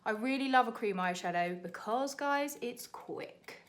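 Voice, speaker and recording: A young British woman, a makeup artist, chatting to camera in a rushed, laughing tutorial while doing her makeup. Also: fairly high pitch, expressive, a little hiss or hum. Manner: chatty, rushed, laughing under time pressure.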